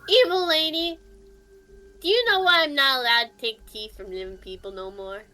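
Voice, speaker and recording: A woman's voice: high-pitched, moderate pace, bright, forceful tone, pitched above the performer's own voice. A woman doing a blunt tooth-loving creature boy. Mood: blunt childish. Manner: broken childish grammar, blunt. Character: odd male tooth-collecting creature, childlike and blunt. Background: background music.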